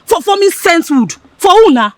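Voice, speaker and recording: Spiteful young woman, husky, swinging pitch, insulting. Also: expressive, normal speed, no echo. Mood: scornful. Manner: scornful, insulting. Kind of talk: Nollywood film acting.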